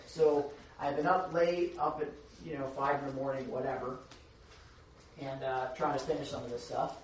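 A man preaching a sermon to a congregation, his voice hoarse and raspy, talking in an earnest, conversational way with many fillers. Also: medium pitch, fairly even intonation, moderate pace, darkish tone, slight background noise. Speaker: pastor. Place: church hall. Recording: echoey hall from a distant mic, dull.

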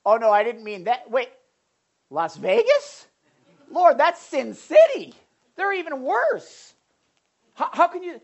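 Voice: high-pitched, very animated, unhurried, dull audio, voice pushed up, heavily acted. A preacher acting out a frustrated prophet who complains to God in an exasperated, pleading voice. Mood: alarmed. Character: frustrated, pleading ancient prophet, adult man.

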